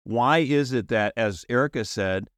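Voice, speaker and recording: A man co-hosting a casual panel podcast, animated and quick to laugh, acting out quotes as he talks. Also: mid-range voice, dry recording, studio quality. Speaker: podcast co-host.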